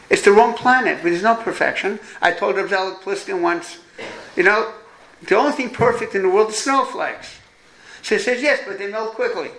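A man's voice: high-pitched, pushed and bright, low-quality recording. A man from New York with a New York accent, giving a parenting lecture to an audience, emphatic and repeating his key points, with jokey asides.

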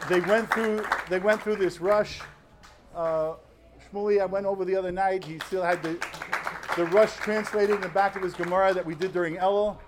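A young man in his twenties speaks in a notably high voice as he gives an informal Talmud lecture to fellow students. He talks in an earnest, animated way, as though sharing a personal story. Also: moderate pace, crowd noise, background noise. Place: study hall before fellow students.

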